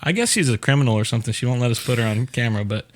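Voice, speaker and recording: A man's voice: mid-range voice, animated, very fast, slight background noise. A middle-aged man hosting a casual chat show, joking and rambling with lots of fillers. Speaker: show host.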